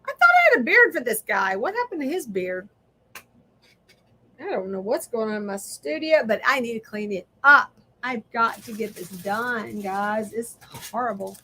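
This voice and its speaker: A woman's voice: a little high, sing-song, normal speed, bright, forceful tone, no echo. A middle-aged woman hosting a casual craft livestream, chatting straight to viewers and laughing often.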